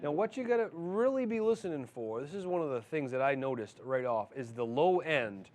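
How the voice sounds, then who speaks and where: A chatty middle-aged man walks through a guitar amp's settings in a music store, his voice a touch high. He talks in a relaxed, easygoing way between bursts of loud electric guitar. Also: brisk. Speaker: guitar amp demonstrator. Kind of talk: casual product demo. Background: loud electric guitar playing.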